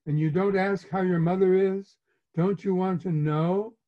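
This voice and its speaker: Storybook figure: a sighing, guilt-tripping mother, sarcastic and slow, as a male author puts her on, dull lo-fi sound. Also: sits high, steady tone. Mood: plaintive, martyred. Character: martyred, complaining middle-aged mother. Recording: dull lo-fi recording.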